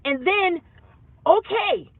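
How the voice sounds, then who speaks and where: A woman rideshare driver vlogging in a casual, rambling monologue, animated and full of repeats. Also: very high-pitched, slow, creaky, no echo. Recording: tinny phone-like dry sound.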